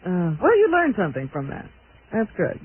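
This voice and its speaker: A woman's voice: on the low side, huge pitch swings, a little fast, breathy edge. A woman co-hosting a radio show, reading news items and reacting with amused banter. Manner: amused, giggly. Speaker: radio co-host. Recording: tinny lo-fi radio broadcast with faint hiss.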